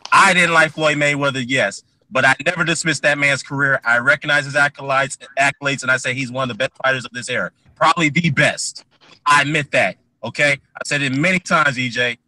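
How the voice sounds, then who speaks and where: A man's voice: mid-range voice, fairly quick, pushed and bright, no echo. Insistent man in a dry close mic. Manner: insistent, repeats himself. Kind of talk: heated panel argument.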